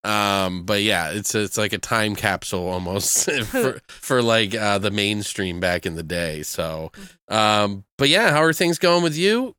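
A man co-hosting a casual chat, animated and jokey, swearing freely as he tells stories. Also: fairly low pitch, unhurried, smooth, no room sound, studio quality. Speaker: podcast co-host.

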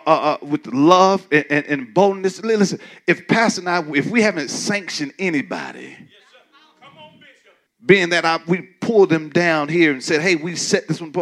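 A man preaching a sermon as pastor, talking to the congregation in a conversational way with many restarts, dropping to quiet asides and rising to loud, emphatic declarations. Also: fairly high pitch, big pitch swings, moderate pace. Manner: frequent stammering restarts.

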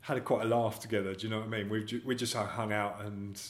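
A man's voice: on the low side, little pitch movement, quick pace. A man speaking as an actor guest in a casual interview, telling rambling, self-deprecating anecdotes. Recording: echoey room.

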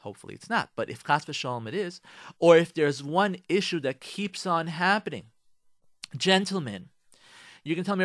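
A man's voice: fairly high pitch, expressive, moderate pace, fairly bright tone, no room sound, clean studio sound. A man, a rabbi, telling stories and giving moral advice on the radio, speaking straight to his listeners.

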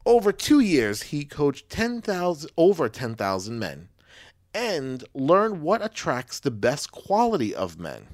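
A man's voice: fairly high pitch, wildly swooping pitch, measured pace. A man co-hosting a casual podcast, joking sarcastically and reading out notes. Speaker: podcast co-host.

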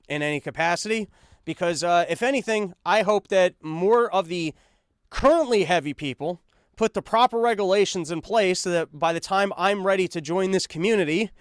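Sarcastic high-voiced man. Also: clean tone, no room sound, clean studio sound. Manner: sarcastic, rambling, animated. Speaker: podcast host. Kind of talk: casual comedic monologue.

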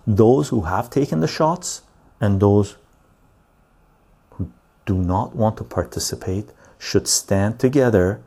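A man's voice: on the low side, slow, creaky, pauses often. A man hosting a talk show in a blunt, profane casual monologue, often ending points with "right?" and dropping to near-whispered asides. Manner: swings from loud to hushed, near-whispered asides. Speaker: podcast host.

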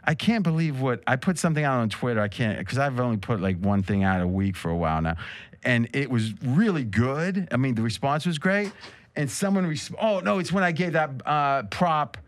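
A man's voice: mid-range voice, expressive, moderate pace. A man hosting a casual sports betting talk show, joking and teasing his guests with rambling asides. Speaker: host.

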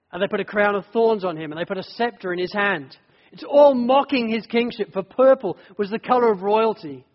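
Preacher guy, high voice, earnest vivid storytelling, long echo in a dull-sounding church. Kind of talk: sermon. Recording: dull echoey church hall.

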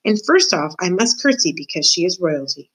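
A woman voicing a simple rustic girl servant who dreams of being a princess, hard of hearing and quick to shout. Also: lowish voice, sing-song, slightly rough, full character voice, rough recording. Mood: eager. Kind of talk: storybook reading.

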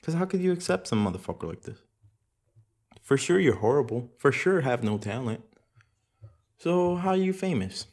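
A man's voice: lowish voice, a little mellow, husky. A young man hosting a casual solo podcast, rambling and swearing a lot, often laughing at himself. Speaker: podcast host. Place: home room with echo.

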